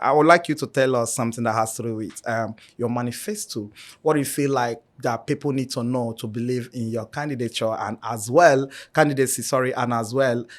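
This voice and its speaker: Hesitant, encouraging male podcast host. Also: medium pitch. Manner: hesitant, filler-heavy, encouraging. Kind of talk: interviewing. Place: podcast studio.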